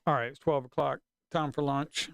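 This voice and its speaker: A man's voice: a little high, fairly even intonation, moderate pace, creaky, fairly bright tone, no room sound, studio quality. A man live-streaming his futures trading, talking to himself in a casual, frustrated way and swearing under his breath.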